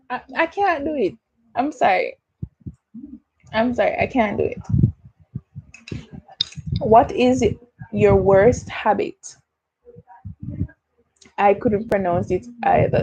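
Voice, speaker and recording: A woman's voice: mid-range voice, takes it slowly, pauses often, dark tone, husky, poor audio. A Jamaican woman hosting a casual livestream Q&A, playful and self-mocking, laughing often. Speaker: Christian YouTuber.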